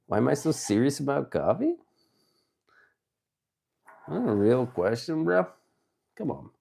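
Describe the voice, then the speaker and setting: A man streaming live, chatting casually with viewers, reading their messages out, excitable and swearing as he jokes around. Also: mid-range voice, slow pace, creaky, pauses often. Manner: excitable, swearing, joking banter. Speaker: livestreamer.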